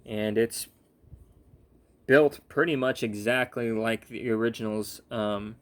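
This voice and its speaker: A man's voice: on the low side, steady tone, slow pace. A young man, sleepy, ranting casually with lots of fillers, restarts and swearing. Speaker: gaming vlogger. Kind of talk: casual rambling rant.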